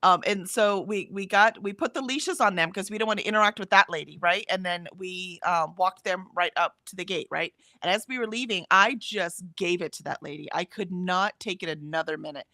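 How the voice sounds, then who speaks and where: A middle-aged woman co-hosting a live stream, chatting casually and telling an animated story full of ums and "right?", acting out the other people's lines as she goes. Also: lowish voice, a little fast, hardly any pauses, no room sound, studio quality. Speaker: co-host of a writing sprint stream. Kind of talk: casual chat.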